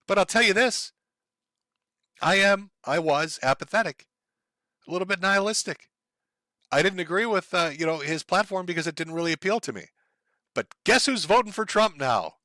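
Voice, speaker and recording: Male show host, blunt and foul-mouthed, edgy bright voice, dry close sound. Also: a little high, no echo. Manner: blunt, profane, heated. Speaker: online commentator hosting his own show. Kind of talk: ranting political commentary.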